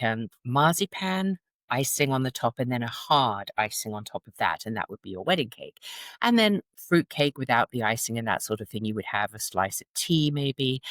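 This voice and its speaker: A woman's voice: very deep voice, no echo. A British-accented woman in her sixties tells stories in a chatty interview, her voice swooping up and down with lots of expression. She laughs often as she talks. The sound is close and dry. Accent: British English. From England. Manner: animated storytelling, laughs often. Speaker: guest. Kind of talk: casual interview chat.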